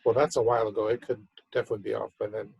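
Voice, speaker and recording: Husky laid-back man in casual chat. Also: fairly low pitch, little pitch movement, very fast, a little mellow, no echo, rough recording. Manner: laid-back, short replies.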